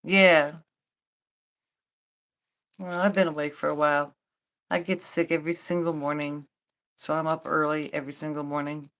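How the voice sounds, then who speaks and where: Rambling older woman, low wry voice. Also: level tone, moderate pace, long pauses, a bit bright. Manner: rambling, wry and self-mocking, swears casually. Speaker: livestream host. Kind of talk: casual livestream chat.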